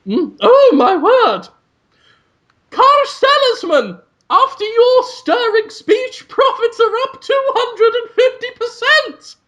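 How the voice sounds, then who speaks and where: A man voicing a shrill, hysterical coworker who screeches and cackles in a very high voice. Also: very animated, slow, fairly bright tone, lo-fi sound, exaggerated voice. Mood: gushing.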